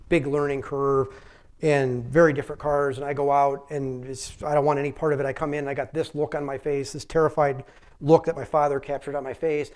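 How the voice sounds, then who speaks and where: A middle-aged man with a slightly high voice gives a relaxed lecture. He talks in a chatty, meandering way and restarts his sentences often, as if thinking aloud in front of an audience. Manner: conversational, rambling, frequent restarts. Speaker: physician giving a public lecture. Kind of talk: informal lecture with anecdotes. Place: public library talk.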